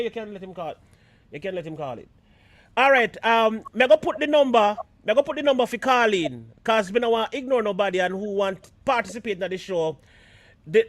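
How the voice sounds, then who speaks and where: A man's voice: high-pitched, no echo. A Jamaican man hosting a live stream show, chatting casually and mixing patois with standard English.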